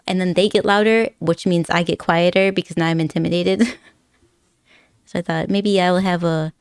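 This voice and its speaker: A woman's voice: fairly low pitch, fairly even intonation, normal speed, clean tone, no echo, studio quality. A woman live streamer chatting casually with her viewers, rambling and giggly, laughing often and teasing her chat playfully.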